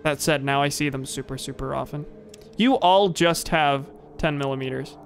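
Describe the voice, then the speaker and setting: A man's voice: fairly high pitch, normal speed, creaky, faint music behind. A young man casually commenting on a game he is streaming, wry and a bit rambling. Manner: wry, rambling, self-corrects.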